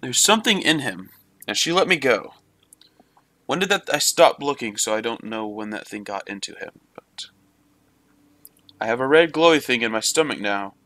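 A man talking his way through a game in a let's play, with a bright, forceful voice. He swears freely and keeps up a running chat with himself and the screen. The sound is close and dry. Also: medium pitch, expressive, normal speed, pauses often, no room sound. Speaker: gamer. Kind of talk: let's play gameplay commentary.

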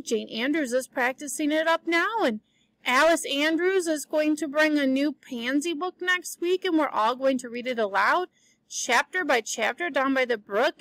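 Pleading storybook girl as a woman reader voices her, high and bright, dry close sound. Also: no room sound, rough recording. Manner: coaxing, pleading. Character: pleading young girl Diana, tearful friend.

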